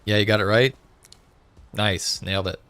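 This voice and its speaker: A man's voice: lowish voice, steady tone, normal speed, fairly bright tone. Guy streaming a game, just chatting w/ chat, um's and uh's, faint music behind. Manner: chatty, reads out chat, frequent fillers. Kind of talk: casual live-stream chat while gaming.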